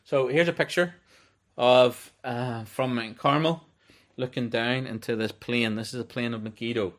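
A man giving a relaxed, unscripted Bible teaching, reading verses aloud as he goes. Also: medium pitch, moderate pace. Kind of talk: conversational sermon.

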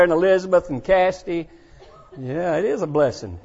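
An older man preaching a folksy sermon to young people, swinging between shouted points and hushed asides. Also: sits high, moderate pace. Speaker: pastor. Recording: dull lo-fi sound.

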